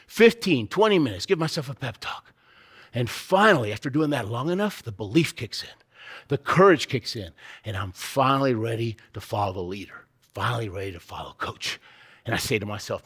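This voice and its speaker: A man's voice: mid-range voice, big pitch swings, moderate pace. A man giving a motivational keynote, telling a vivid, dramatic story with sound effects and emphatic rhetorical questions. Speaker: keynote speaker.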